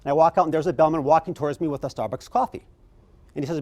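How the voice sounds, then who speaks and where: Animated man telling stories at a keynote. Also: rapid-fire. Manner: animated, acts out quoted people with big pitch jumps. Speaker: keynote speaker. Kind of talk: conference keynote storytelling.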